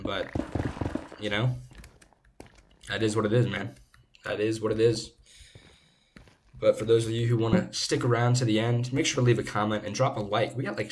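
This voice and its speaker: Young man, gaming commentary, rambling and earnest, fairly low voice, steady hiss behind him. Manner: rambling and earnest, with many restarts and soft laughs. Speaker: gaming video creator. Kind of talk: casual commentary while playing. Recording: steady background noise.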